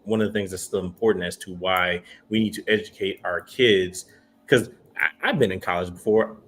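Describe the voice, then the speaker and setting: A man in his thirties co-hosting a podcast, chatting casually and telling stories with halting restarts. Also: fairly low pitch, a little hiss or hum. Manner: animated storyteller, halting restarts. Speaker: podcast co-host. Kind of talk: casual chat.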